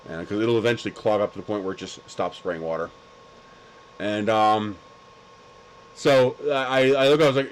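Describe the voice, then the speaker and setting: A man's voice: fairly low pitch, normal speed, long pauses, low-quality recording. Laughing, crude-joking man streamer. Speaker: livestream host. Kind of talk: casual livestream chat.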